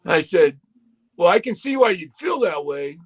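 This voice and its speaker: A man's voice: high voice, big pitch swings, normal speed, breathy edge. A man telling a long, profane story in casual podcast chat, quoting people as he goes.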